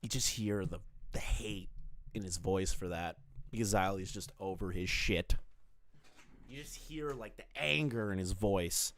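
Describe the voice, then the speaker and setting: A man's voice: low-pitched, a little slow, a bit bright. A man on a casual livestream reacting to online drama, swearing freely, joking and talking straight to his chat.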